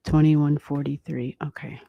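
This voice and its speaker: An American woman giving astrology readings on a livestream, thinking aloud and chatting with viewers in a relaxed way, with the odd swear word. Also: low voice, measured pace, gravelly, husky, muffled recording. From United States. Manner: thinks aloud, talks to chat, mild swearing. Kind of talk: casual livestream chat.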